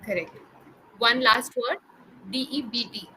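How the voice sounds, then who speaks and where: Female English tutor, bright tone, slight noise behind, patient corrections. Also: on the high side, measured pace, low-quality recording. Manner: patient, corrects pronunciation word by word. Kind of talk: online pronunciation lesson.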